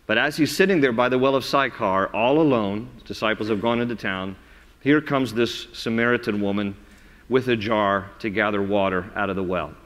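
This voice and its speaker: A man preaching a sermon as pastor, telling the story in an animated way and acting out the voices. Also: on the low side, moderate pace. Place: large church sanctuary. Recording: reverberant church sanctuary.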